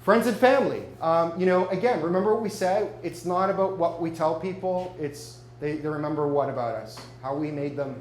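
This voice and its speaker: A man's voice: on the high side, fairly quick, hardly any pauses. A man giving a live presentation to an audience, chatty and jokey, often asking the room questions. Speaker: speaker at a marketing meetup. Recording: echoey room, faint hum.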